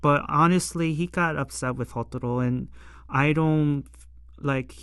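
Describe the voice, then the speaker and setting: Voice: mid-range voice, a little slow, a bit bright, clean tone, no room sound, studio quality. A show reviewer recapping an episode in casual, rambling talk full of fillers and exasperated asides. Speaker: anime and tokusatsu episode reviewer.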